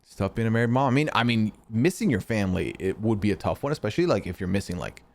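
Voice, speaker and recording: A man's voice: lowish voice, expressive, fast talker, creaky. A young man from Canada, hosting a live stream in casual chat, answering his chat and teasing trolls with some swearing. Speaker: streamer host.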